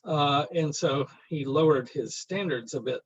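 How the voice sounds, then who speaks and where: A university lecturer talks his class through a poem, slow and wry, pausing to read lines aloud. His voice sits a little high for a man and has a husky edge. The classroom recording sounds dull and lo-fi. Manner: rambling and wry, reads verse aloud slowly.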